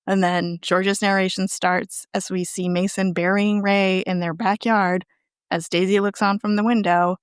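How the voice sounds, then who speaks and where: A woman with a clean-toned, medium-pitched voice chats casually as a podcast co-host, recounting an episode's events and acting out quoted lines with animation. Her pace is moderate, and the studio-quality audio has no room sound.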